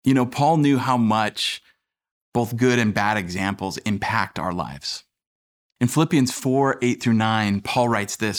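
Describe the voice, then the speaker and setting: A man in his thirties preaching a sermon in a relaxed, conversational way, mixing scripture with self-deprecating family stories. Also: on the low side, a little slow. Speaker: pastor.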